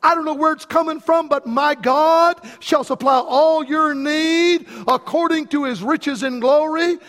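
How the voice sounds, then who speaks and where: Man, preacher, very high voice, fervent repetitive delivery, long hall echo. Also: fairly even intonation, measured pace, a bit bright. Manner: impassioned, repetitive preaching cadence. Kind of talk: sermon. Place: church sanctuary. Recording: long reverb from a large hall.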